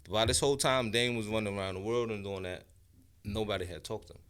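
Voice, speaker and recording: NY man, 40s, low-pitched guest, loose slangy anecdotes. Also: fast talker, clear, resonant tone. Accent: New York. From Brooklyn, New York. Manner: animated, slangy, restarts often. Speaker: guest, rapper and producer. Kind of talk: casual storytelling interview.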